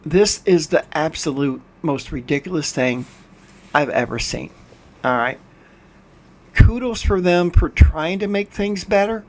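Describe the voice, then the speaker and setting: An older man hosting a gaming channel, commenting on a game while playing, frustrated and ranting, often stumbling and restarting his words. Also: high voice. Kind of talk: game commentary over screen capture.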